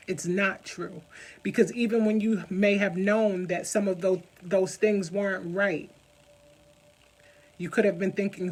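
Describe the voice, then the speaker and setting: A woman coach speaking earnestly and emotionally straight to the listener in a heartfelt talk, with soft music underneath. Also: mid-range voice, husky, poor audio. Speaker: healing coach. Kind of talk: heartfelt direct-to-camera talk.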